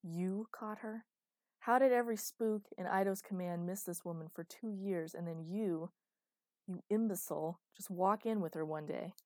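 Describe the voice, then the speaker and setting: A woman's voice: on the low side, moderate pace, a little mellow, dry recording, close to an everyday voice. A woman reading an irritated, contemptuous male officer in an audiobook, scornful and exasperated. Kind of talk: audiobook character voice.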